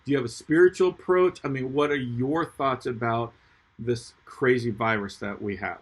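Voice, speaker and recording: Man, pastor, live-stream host, medium pitch, casual chat, upbeat, frequent laughs, filler words. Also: moderate pace, slightly rough.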